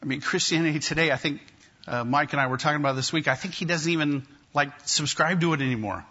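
Husky-voiced pastor preaching forcefully. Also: male voice, fairly high pitch. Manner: emphatic, repeats phrases with slow deliberate pauses. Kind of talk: sermon. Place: church, preaching to a congregation. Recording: dull lo-fi sermon recording.

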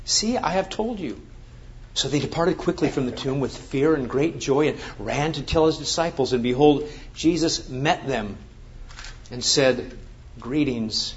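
A man's voice: mid-range voice, animated, measured pace, a little hiss or hum. A man preaching a sermon, reading scripture and then explaining it with emphatic, rising exclamations. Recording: dull lo-fi sound.

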